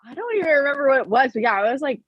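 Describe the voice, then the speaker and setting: A woman's voice: sits high, animated, rapid-fire, no room sound. Young woman cohost, laid back and giggly, kinda muffled dry mic. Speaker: podcast co-host. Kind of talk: casual chat.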